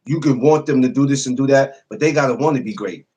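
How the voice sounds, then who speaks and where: A man's voice: mid-range voice, quick pace, mellow, a little hiss or hum. A man hosting a casual podcast livestream, greeting viewers by name and talking loosely, with profanity and frequent laughs. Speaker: podcast host greeting live chat.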